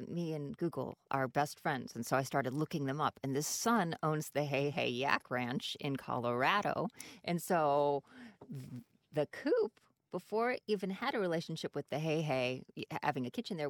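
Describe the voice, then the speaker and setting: A woman's voice: sits low, no room sound. A woman chatting casually on a radio show about food she has eaten, often restarting and trailing off mid-sentence. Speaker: food commentator.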